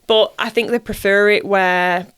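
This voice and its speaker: A woman's voice: mid-range voice, fairly even intonation, a little slow, fairly bright tone, clear, resonant tone. A young woman from England with an English accent, chatting casually as an actress being interviewed, rambling a little with fillers.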